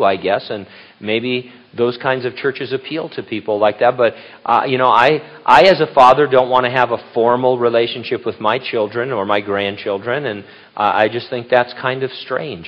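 A man's voice: mid-range voice, normal speed. An older man, a grandfather and pastor, preaching in a casual, rambling way with restarts and asides. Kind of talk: conversational sermon. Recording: dull lo-fi recording.

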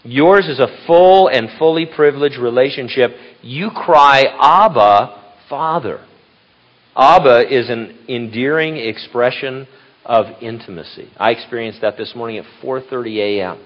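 A man's voice: medium pitch, moderate pace. An older man, a grandfather and pastor, preaching in a casual, rambling way with restarts and asides. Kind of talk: conversational sermon. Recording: dull lo-fi recording.

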